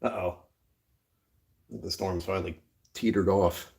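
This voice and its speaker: Male streamer, very low voice, rambling and self-mocking, phone mic. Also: fairly even intonation, unhurried, darkish tone. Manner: rambling, joking, laughs often. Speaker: livestream host. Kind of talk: casual livestream chat. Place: indoors on a rainy afternoon.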